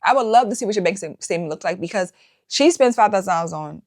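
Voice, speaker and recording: A woman's voice: medium pitch, animated, quick pace, darkish tone. A woman hosting a commentary show, talking casually and peppering her points with rhetorical questions. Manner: rhetorical, keeps asking "right?". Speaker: host. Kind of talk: commentary on social media clips.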